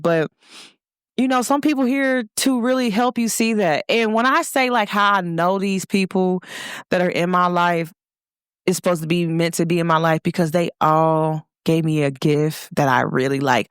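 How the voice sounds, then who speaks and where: A woman from Cincinnati hosting her own show, talking casually and warmly to viewers, repeating points and calling them "y'all". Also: lowish voice, clean tone, dry recording, clean studio sound. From Cincinnati, Ohio. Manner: lively, repetitive, speaks directly to listeners with "y'all". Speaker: host. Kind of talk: casual motivational talk to viewers.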